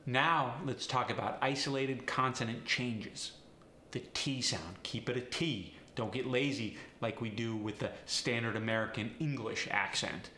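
Bright, slow-talking male accent coach. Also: medium pitch. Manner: emphatic, encouraging, over-articulated drilling. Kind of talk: step-by-step accent lesson. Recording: roomy echo with faint background noise.

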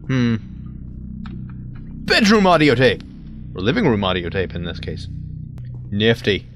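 Animated man rambling over gameplay. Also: mid-range voice, a little hiss or hum. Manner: rambling, self-mocking, lots of sudden yelps. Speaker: let's play host. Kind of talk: casual gameplay commentary.

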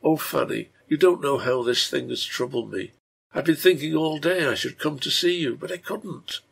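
A man voicing a worried, gentle mother in a read-aloud story. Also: a little high, normal speed, vocal fry, slightly rough, pitched above the performer's own voice. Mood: anxious. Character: worried poor mother, woman, gentle and anxious.

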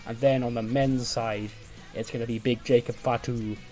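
A man casually recapping a wrestling simulation game, chatty and amused, often laughing and quickly retelling scenes. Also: mid-range voice, level tone, mellow. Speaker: video game let's player. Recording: faint background music.

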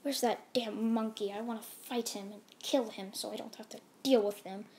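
A woman's voice: on the high side, fairly even intonation, moderate pace, darkish tone, slight background noise, close to an everyday voice. A woman voicing a cruel male alien villain in a casually told fan story, speaking with contempt. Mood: contemptuous.

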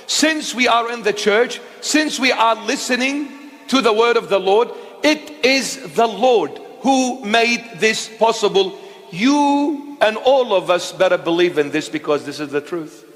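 A man's voice: high voice, lively intonation, a little slow, a bit bright. A man preaching a sermon in a church, asking emphatic questions and answering them himself. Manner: call-and-response questioning, emphatic. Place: church hall. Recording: long church reverb.

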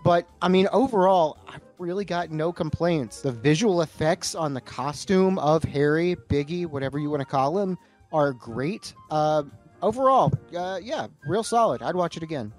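A man with a fairly high voice co-hosting a casual movie podcast, rambling loosely through pop-culture tangents. Quiet background music sits faintly under his voice. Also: lively intonation, normal speed. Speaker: podcast co-host. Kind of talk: casual movie-review chat over beer.

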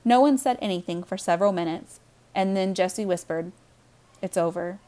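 A woman reading a children's novel aloud with warm, expressive storytelling. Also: medium pitch, a little fast. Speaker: audiobook reader.

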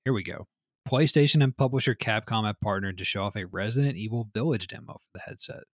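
A man's voice: fairly low pitch, fast, dry recording, clean studio sound. A man co-hosting a casual news podcast, reading items out and joking with plenty of swearing and laughter. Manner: profane, laughs often, reads news items then jokes.

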